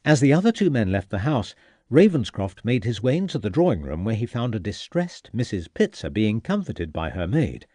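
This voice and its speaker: Expressive male audiobook narrator, dry sound. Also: on the low side, normal speed, no echo.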